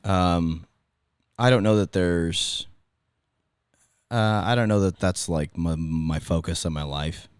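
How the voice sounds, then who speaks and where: A man's voice: sits low, slow, pauses often, clean tone, no echo, clean studio sound. A middle-aged man with a Californian accent, a former radio host telling stories in a casual podcast chat, rambling and restarting his sentences. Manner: rambling, self-interrupting storyteller.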